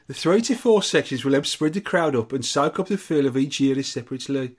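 A man's voice: medium pitch, animated, fast talker, hardly any pauses. A man co-hosting a casual podcast, chatting in a rambling, jokey way and reading out event news. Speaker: podcast co-host.

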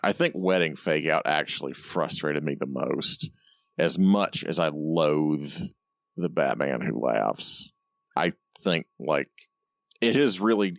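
A man's voice: rumbling low, creaky, a bit bright, no room sound, muffled recording. A man co-hosting a podcast in casual chat, blunt and dry, mostly giving short replies. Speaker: podcast co-host.

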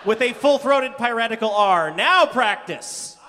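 A man's voice: extremely high pitch, expressive, measured pace, background noise. A man fronting a comedy band on a big stage, bantering and swearing with a crowd of over a thousand. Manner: profane, teasing, leads the crowd. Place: large venue before a crowd of over a thousand. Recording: live concert hall with crowd and music.

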